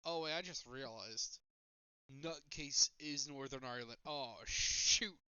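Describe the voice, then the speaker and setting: A man's voice: medium pitch, a little slow, bright, forceful tone, clear, resonant tone, no echo. A man chatting casually on a live stream, rambling and joking at his own expense, a little nervous. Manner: rambling, self-mocking, jokey. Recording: dull lo-fi stream mic.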